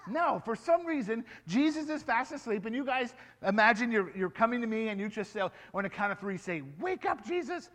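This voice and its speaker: A man giving a lively children's sermon in church, asking the children questions and acting out the story for them. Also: sits high, brisk, few pauses, big-room sound. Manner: animated, asks the children questions. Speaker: children's pastor.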